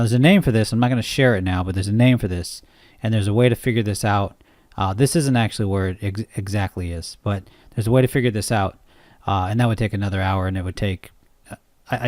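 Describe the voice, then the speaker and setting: A man's voice: fairly low pitch, a little mellow, no room sound, clean studio sound. A man coaching trading in an unscripted screen-share tutorial, rambling and interrupting himself, often checking in with "right?". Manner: rambling, self-interrupting, asks listeners "right?".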